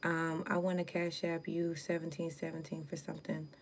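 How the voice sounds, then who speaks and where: A woman runs a casual livestream tarot reading, chatting to her viewers in loose slang with the odd curse. Her voice sits fairly low. A faint noise hangs behind her. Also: little pitch movement, moderate pace, gravelly. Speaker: live tarot card reader.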